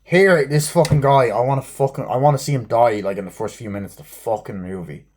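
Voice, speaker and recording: A man rambling through a casual movie review in an ordinary mid-pitched voice. He swears constantly and leans on fillers as he jumps between thoughts. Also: a little fast, a little mellow. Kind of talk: casual rambling plot recap.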